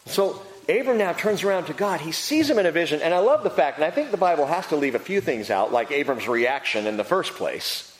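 A man preaching a sermon, swinging between loud emphatic lines and hushed ones. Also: a little high, big pitch swings, a little fast, few pauses. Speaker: pastor. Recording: long reverb of a large hall.

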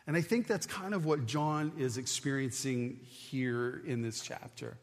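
A man's voice: medium pitch, a little slow, hardly any pauses, big-room sound. A man preaching a sermon as a pastor, teaching in an earnest, conversational way with frequent restarts.

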